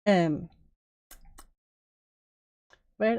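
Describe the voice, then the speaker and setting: A woman's voice: medium pitch, measured pace, no room sound, narrow, tinny audio, soft background music. A woman streamer reacting to a video with casual, sarcastic asides.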